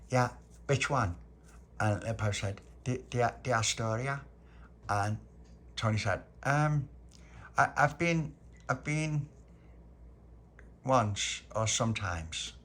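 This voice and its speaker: A man spins a chatty, rambling story from his childhood. His voice is bright and forward, and it jumps up whenever he takes on the children's lines. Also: mid-range voice. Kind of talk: spoken storytelling of a childhood memory.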